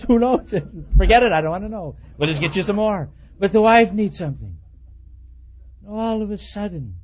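A man with a high voice preaches a sermon in a folksy, chatty way. He acts out everyday voices to make his point. The recording sounds dull and lo-fi. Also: darkish tone. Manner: folksy, acts out quoted voices with rising pitch. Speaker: pastor. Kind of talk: expository sermon.

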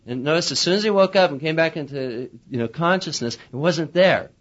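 A man's voice: fairly high pitch, fairly quick. A man teaching pastors in a humorous, chatty lecture, acting out little quotes as he talks. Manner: chatty, animated, acts out quotes. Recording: muffled lo-fi recording.

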